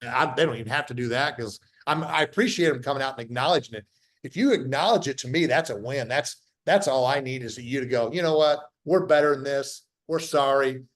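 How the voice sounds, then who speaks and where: A man's voice: mid-range voice, fast talker, a bit bright. A middle-aged man, a company founder being interviewed, talking bluntly and emphatically, repeating his points and restarting sentences. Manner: acts out quoted dialogue in his stories. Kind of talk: casual interview talk.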